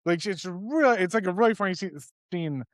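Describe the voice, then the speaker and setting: A man co-hosting a podcast who chats casually and often trails off quietly at the ends of his sentences. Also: high-pitched, expressive, brisk, no echo, clean studio sound. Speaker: podcast co-host. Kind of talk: casual chat.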